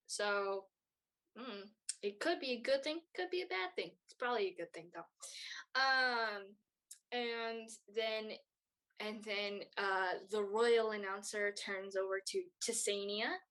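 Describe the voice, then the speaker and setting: A woman's voice: medium pitch, a bit bright, low-quality recording. A woman narrating a tabletop game as game master, rambling with many fillers.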